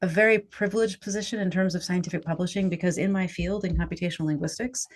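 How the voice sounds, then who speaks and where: A woman guest in an interview, a professor explaining her field in quick, articulate bursts. Her voice sits a little low for a woman. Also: steady tone. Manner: fast, articulate, self-aware. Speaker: guest author, linguistics professor. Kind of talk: casual interview conversation.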